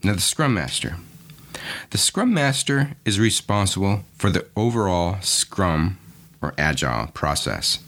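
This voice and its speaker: Low-voiced male podcast host, methodical lesson narration, very expressive intonation. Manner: clear, methodical explaining.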